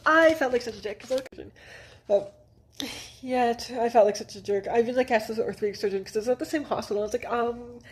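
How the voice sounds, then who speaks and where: A vlogger in her thirties from northern Manitoba, Canada, casually tells a personal story, rambling with heavy use of "like," frequent restarts, and nervous laughs. Her voice is a little high and she talks fast, with slight hiss or hum in the recording.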